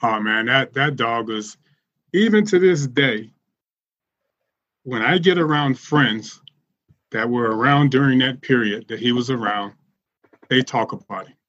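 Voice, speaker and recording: A man telling animated stories as a podcast guest, laughing often as he goes. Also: medium pitch, a little slow, pauses often, dull audio. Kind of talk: casual storytelling.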